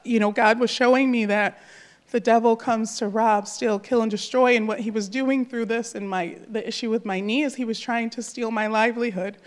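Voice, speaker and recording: A woman in her thirties giving an emotional, earnest personal testimony at church, speaking from the heart with many fillers. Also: on the high side. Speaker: church member sharing a testimony.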